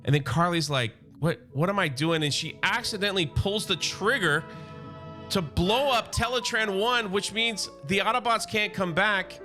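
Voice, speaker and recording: Chatty man with a bright voice. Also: high-pitched, normal speed, faint music behind. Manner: enthusiastic, chatty storytelling. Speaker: comic book reviewer. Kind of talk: casual recap of a comic.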